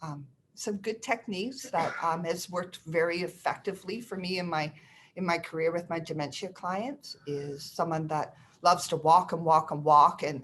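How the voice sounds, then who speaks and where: A woman's voice: lowish voice, moderate pace, a little hiss or hum. A middle-aged woman, a nurse, giving reassuring caregiver advice in a webinar and acting out sample lines to family members. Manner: lively, acts out sample dialogues with family members. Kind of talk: educational webinar talk.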